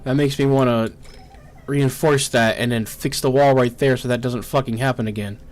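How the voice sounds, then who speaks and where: A man's voice: medium pitch, steady tone, a little mellow. A man giving live gameplay commentary, frustrated and swearing, firing off strings of "no" as things go wrong. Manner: frustrated, swearing, repeating "no" rapidly. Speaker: gameplay streamer.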